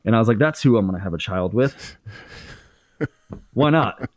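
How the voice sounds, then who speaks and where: A man's voice: mid-range voice, animated, unhurried, pauses often, darkish tone, dry recording. A man in his thirties as a podcast guest, candidly telling a story in casual speech, swearing freely with many fillers and restarts.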